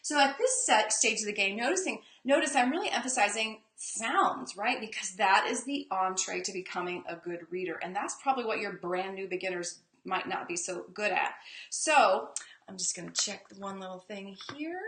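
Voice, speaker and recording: A woman teaching reading in a live online demo, energetic and slowing down to stress letter sounds. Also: mid-range voice, reverberant. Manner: energetic, emphasizes sounds slowly.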